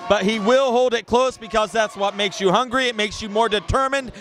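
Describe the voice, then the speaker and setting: Man, wrestling commentary, high voice, boastful, emphatic. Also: a little fast, a bit bright, faint music behind. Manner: boastful, emphatic, talks up the champion.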